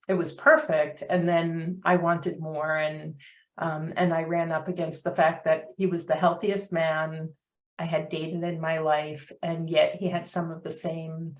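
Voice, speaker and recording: A woman's voice: sits low, fairly bright tone. A woman in her fifties, a coach, telling her story as an interview guest in an earnest, reflective way, with many fillers.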